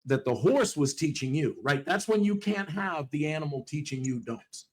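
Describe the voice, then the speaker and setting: A man co-hosting a podcast about dog training, talking in animated, casual chat with a lot of swearing and quick acted-out voices. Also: fairly high pitch.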